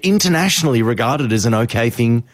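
A man's voice: mid-range voice, fast talker, no room sound, clean studio sound. A man hosting a radio show, telling a story in casual banter. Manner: animated storytelling with quoted voices. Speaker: radio host. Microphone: studio microphone.

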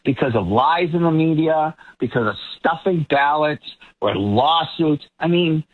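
A man's voice: a little high, lively intonation, unhurried, phone-quality sound. A man from the Boston area giving emphatic political commentary as a talk show guest, often repeating words as he builds a point. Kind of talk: talk show panel discussion.

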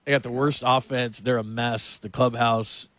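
A man's voice: medium pitch, fairly even intonation, a bit bright, no echo. A man hosting a sports radio show, talking loosely and laughing often in casual chat. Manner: loose, rambling, quick to laugh.

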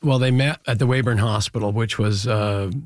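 Guy, kinda low voice, chats loosely with lots of uh and um, dry studio sound. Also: fairly even intonation, moderate pace, no room sound. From Canada (Saskatchewan). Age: middle-aged. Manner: rambling, many fillers and restarts, chuckles. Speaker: musician guest. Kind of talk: casual interview chat. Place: radio studio.

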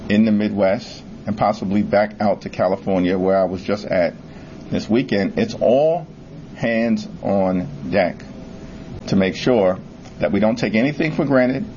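Low-voiced man at a press conference. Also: a little slow, a little mellow, highs cut off, slight background noise. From New York. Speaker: politician at a news conference.

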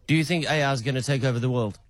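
A man's voice: mid-range voice, rapid-fire, dry recording. A man with a mid-range voice, quizzing an AI in a playful, probing way. His voice is close and dry, with no room sound. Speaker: caller testing an AI.

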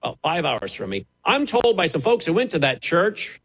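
A man's voice: a little high, wildly swooping pitch, normal speed, a bit bright, slightly rough, rough recording. A man preaching, fiery and emphatic, mocking the voices he quotes. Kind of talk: preaching sermon.

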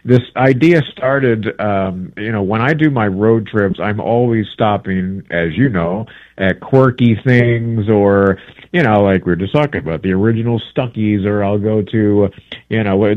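A man's voice: fairly low pitch, measured pace, no echo. Man on a tinny phone line. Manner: rambling, chatty, self-correcting. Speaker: travel book author, guest. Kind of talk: casual radio interview chat.

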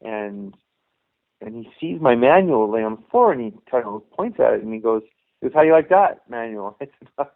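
A man's voice: mid-range voice, big pitch swings, normal speed, gravelly. A middle-aged man, a youth hockey coach, telling a long story in a casual interview, full of restarts and "you know". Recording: tinny phone-line sound.

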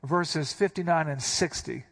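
A man's voice: fairly high pitch, unhurried, gravelly, a bit bright. A man preaching an expository sermon who explains Greek words and gives quoted speech a sudden, emphatic punch.

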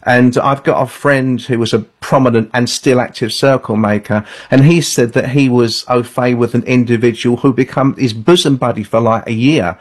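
A man's voice: mid-range voice, steady tone, moderate pace, hardly any pauses. Male author on a call-in show, mid-range voice, earnest and anecdotal. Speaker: author and radio guest. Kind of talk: call-in radio interview.

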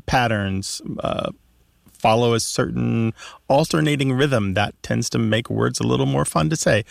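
A man's voice: mid-range voice, vocal fry, no echo, clean studio sound. A man co-hosting a radio call-in show, explaining things about words at length. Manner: explanatory, lecturing with restarts. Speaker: radio co-host, language expert.

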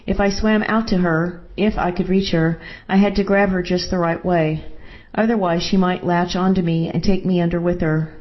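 A woman narrating a first-person story in a calm, measured way. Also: fairly low pitch, highs cut off.

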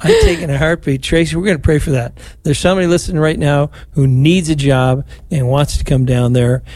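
Older guy priest on radio, fairly high voice, folksy jokey, leading the rosary. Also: animated, a little fast, no echo. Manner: warm, folksy, joking with callers. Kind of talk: leading prayer and taking calls.

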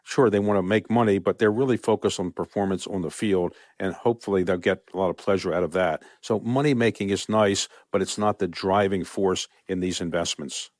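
An older man speaking as a guest in a radio interview, measured and conversational. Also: low-pitched, steady tone, darkish tone, no echo, clean studio sound. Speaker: interview guest, team owner.

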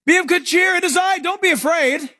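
A man preaching who acts out Jesus as a calm, cheerful teacher reassuring frightened friends. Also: very high voice, brisk, dry recording, clean studio sound, pitched above the performer's own voice.

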